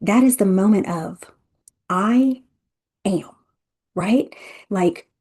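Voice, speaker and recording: A woman leading an interactive energy workshop, talking in a chatty, expressive way and speaking straight to her listeners. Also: mid-range voice, slow, breathy edge.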